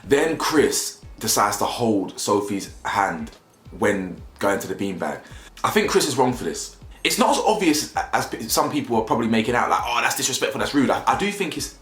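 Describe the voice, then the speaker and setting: A man's voice: on the low side, big pitch swings, normal speed, a bit bright. A young man giving slangy, mocking casual commentary as a video reviewer, laughing often. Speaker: YouTube reviewer. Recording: roomy echo, faint music.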